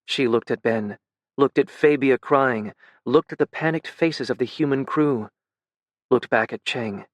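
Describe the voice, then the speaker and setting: A man narrating a dark fantasy audiobook in a measured, intimate way. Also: medium pitch, no echo.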